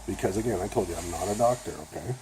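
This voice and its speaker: A man's voice: sits low, quick pace, background noise. An older man, a retired nurse, talking casually to camera in a rambling way, a little nasal and often checking in with "okay?". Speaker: vlogger.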